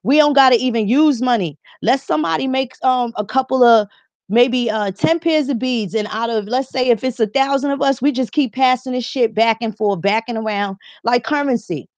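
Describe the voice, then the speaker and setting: A woman's voice: on the high side, normal speed, no room sound. A woman hosting a livestream, talking in an emphatic, rambling, heavily profane monologue. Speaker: livestream host.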